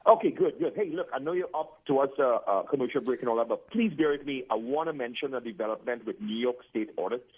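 A man's voice: mid-range voice, animated, quick pace, few pauses, breathy edge. A man calling in to a radio show, rambling and emphatic, restarting his sentences. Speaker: caller. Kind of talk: phoned-in talk radio call. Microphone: telephone. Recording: tinny phone line.

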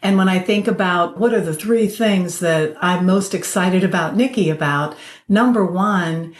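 A woman, a podcast guest, telling stories from her career in a casual, animated way. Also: fairly low pitch. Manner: animated storyteller, laughs while telling anecdotes. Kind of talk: casual conversation. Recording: roomy echo.

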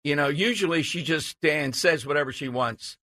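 A man's voice: a little high, normal speed, pushed and bright, no room sound. A man hosting a talk radio show, giving emphatic, sarcastic commentary into a studio mic.

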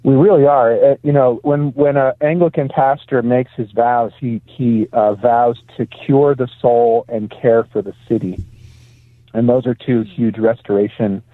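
A man's voice: medium pitch, fairly even intonation, a little slow, no room sound. Male pastor on a phone-in, chatty storyteller, sounds like a thin call from a parked car. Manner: chatty, anecdotal, laughs easily. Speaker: guest pastor. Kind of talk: casual storytelling. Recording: tinny phone line.

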